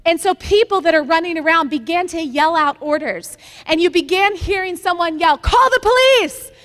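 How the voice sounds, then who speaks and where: Woman pastor, high-pitched, preaching with long hall reverb. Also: normal speed, fairly bright tone. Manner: storytelling, building to emphatic repeated lines. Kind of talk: sermon.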